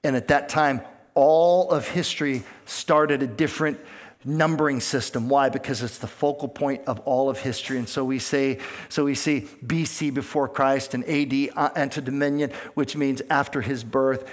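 A male pastor preaching in a mid-pitched voice that climbs higher and louder when he stresses a point. He talks freely rather than from a script, with restarts and fillers, and slips into the voices of the people he quotes. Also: steady tone, normal speed. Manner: earnest preaching, rising in pitch and volume on key points, acting out quoted voices; plain delivery with fillers and restarts, not scripted. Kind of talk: sermon.

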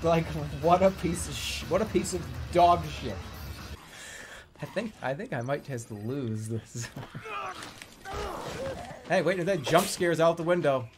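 A man's voice: on the high side, animated, measured pace. A man streaming a game, talking through it in an exasperated, swearing way, laughing at how broken it is. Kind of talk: gameplay commentary. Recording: loud game music behind.

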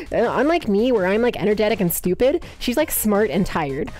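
A woman streamer chatting live while guessing games, excitable and swearing a lot, bursting into high yells. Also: a little slow.

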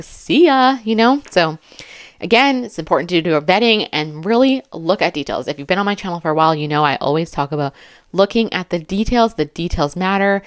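A woman with a notably low voice talks through a reaction commentary in a chatty, animated way. She reads quotes aloud and breaks in with laughing asides. The recording is close and completely dry. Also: dry recording. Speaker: commentary YouTuber and mother.

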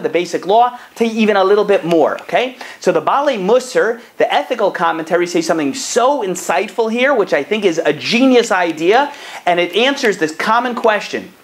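A young man giving a short video Torah talk as a rabbi, animated and conversational, with plenty of rhetorical questions. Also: high voice. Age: young adult.

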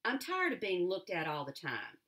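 A woman's voice: fairly low pitch, huge pitch swings, moderate pace, pushed and bright, exaggerated voice. A woman voicing a restless, wistful young girl who longs for freedom, speaking in an earnest, pleading way.

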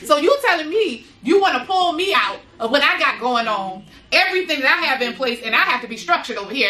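A woman's voice: high voice, lively intonation, a little fast, hardly any pauses, sharp tone, echoey room. A woman giving an emphatic, casual motivational talk to other parents, repeating phrases and using slang as she stresses her points. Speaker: motivational speaker, mother of boys with special needs.

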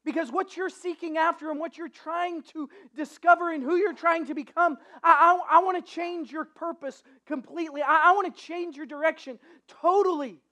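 A pastor voicing Jesus as a gentle man who softly recalls old times with a friend during a dramatized sermon story. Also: sits high, brisk, natural voice. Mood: inviting.

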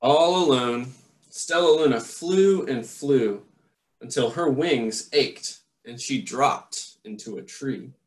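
A man reading a children's picture book aloud with expressive asides to his listeners. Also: mid-range voice, takes it slowly, reverberant. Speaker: storytime reader.

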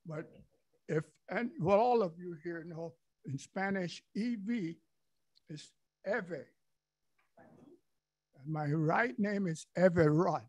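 A man from the audience, a former serviceman, slowly recalling the past at a public session. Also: high-pitched, no room sound. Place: event room.

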